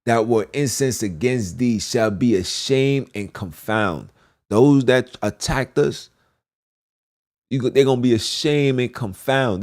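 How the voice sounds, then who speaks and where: A man's voice: mid-range voice, takes it slowly, a little mellow. A man preaching a fervent, repetitive monologue as a podcast host, slipping into archaic scripture phrasing.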